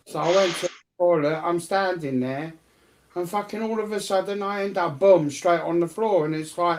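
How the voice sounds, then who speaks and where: A man co-hosting a casual late-night chat, swearing freely and telling stories in an animated way. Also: sits high, normal speed. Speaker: co-host of a live stream.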